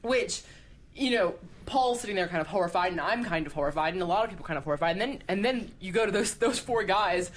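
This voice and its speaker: A woman's voice: medium pitch, animated, quick pace. Woman, podcast chat, chatty storyteller, lots of fillers, faint background hiss. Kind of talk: casual anecdote on a podcast.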